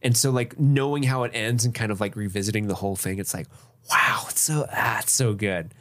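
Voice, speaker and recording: A man's voice: on the low side, fairly quick, a bit bright. A man co-hosting a casual movie-review podcast, laid-back and swearing freely, with frequent laughter. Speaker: podcast co-host.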